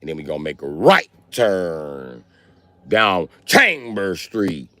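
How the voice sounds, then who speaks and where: A man's voice: sits low, very animated, bright, forceful tone, no echo, exaggerated voice. A man doing an impression of a male rapper who drags out every word with heavy emphasis. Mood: overemphatic. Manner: slow, drawn-out, overemphatic. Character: rapper impression, slow over-enunciated male.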